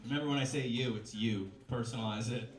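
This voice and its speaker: A man's voice: mid-range voice, fairly even intonation, quick pace, recorded from a distance. Wry man reading aloud at a bistro. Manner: wry, self-mocking asides, often laughing. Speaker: reader at a live comedy reading. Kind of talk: comic reading aloud with asides. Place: bistro, live audience. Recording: echoey room with background noise.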